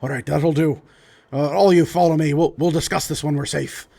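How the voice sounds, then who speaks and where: A man's voice: a little high, fairly even intonation, moderate pace, vocal fry, dark tone, no room sound. A man voicing a pompous, impatient lord on the run who grumbles and snaps orders during a tabletop role-play game. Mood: gruff.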